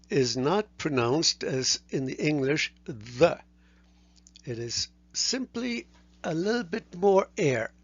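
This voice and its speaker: Slow, careful male language teacher. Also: on the high side, fairly bright tone, dry recording, highs cut off. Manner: slow, careful explanation, sounding out letters. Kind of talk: recorded lecture.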